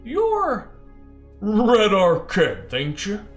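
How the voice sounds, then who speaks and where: A man's voice: sits high, wildly swooping pitch, very slow, soft background music, pitched above the performer's own voice, heavily acted. A man voicing a menacing, trident-wielding alien gang leader who speaks with a threatening, drawling swagger.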